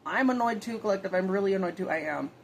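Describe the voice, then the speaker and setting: A woman's voice: mid-range voice, expressive, fast talker, vocal fry, a little hiss or hum, rough recording. A young woman reading tarot casually, rambling and swearing freely with lots of fillers. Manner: chatty, profane, rambling with frequent fillers. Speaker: tarot reader.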